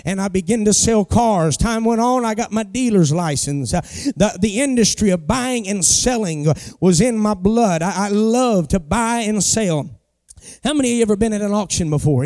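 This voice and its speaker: High-voiced preacher telling stories. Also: male voice, a little mellow, dry recording, studio quality. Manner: folksy storytelling with homespun sayings. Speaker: pastor. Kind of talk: sermon testimony.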